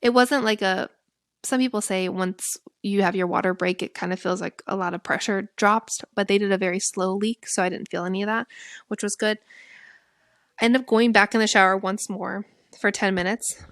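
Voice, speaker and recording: A young woman, a podcast co-host, candidly recounting a personal story and acting out her own past lines in lively bursts. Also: mid-range voice, moderate pace, no echo, clean studio sound. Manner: lively, candid, quotes herself in animated bursts.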